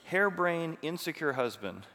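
A man's voice: fairly high pitch, moderate pace. Man preaching in an echoing hall. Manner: animated, conversational preaching with rhetorical questions. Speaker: pastor. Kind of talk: sermon. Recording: long reverb of a large hall.

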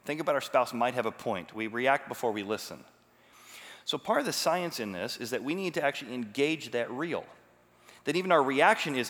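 Male pastor, emphatic teaching sermon, tense bright voice, echoing sanctuary. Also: mid-range voice, brisk. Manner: animated, emphatic teaching with rhetorical questions. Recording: long hall reverb.

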